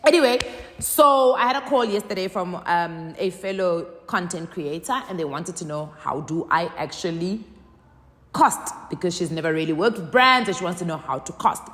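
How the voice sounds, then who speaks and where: A South African woman talking to camera as a content creator, telling stories with lively swings and acting out both sides of phone calls. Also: fairly low pitch, moderate pace, long reverb tail. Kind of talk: casual vlog talk.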